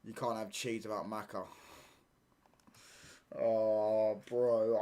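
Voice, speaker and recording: A man's voice: lowish voice, level tone, takes it slowly, long pauses, dark tone. A man, ranting in heavy slang and repeating himself as he hosts a live football watchalong stream.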